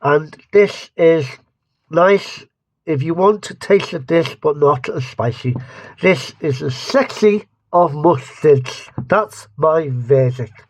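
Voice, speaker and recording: A man's voice: a little high, expressive, slow pace, dry recording, low-quality recording. A man casually reviewing food on his vlog, playful and jokey.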